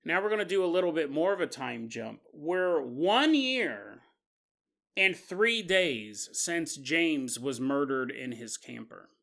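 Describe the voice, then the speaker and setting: A man hosting a podcast, telling a spooky story in an animated, conversational, jokey way. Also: on the high side, takes it slowly, gravelly. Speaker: podcast host. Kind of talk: storytelling narration.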